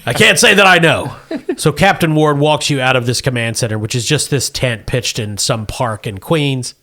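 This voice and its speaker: A man narrating a comedic tabletop game as game master, setting scenes deadpan and laughing often. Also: mid-range voice, moderate pace.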